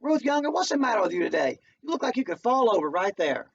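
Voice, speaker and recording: A man voicing a devout, weary older mother who speaks in a slow, folksy dialect. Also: high voice, big pitch swings, creaky, breathy edge, pitched above the performer's own voice, heavily acted. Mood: stern. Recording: distant muffled home recording, faint noise.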